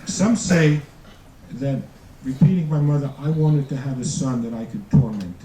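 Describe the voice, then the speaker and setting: A man in his seventies doing a stand-up comedy set, delivering deadpan one-liners with halting restarts. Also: mid-range voice, recorded from a distance. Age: 70s. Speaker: student comedian. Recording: echoey room, picked up from afar, audience noise.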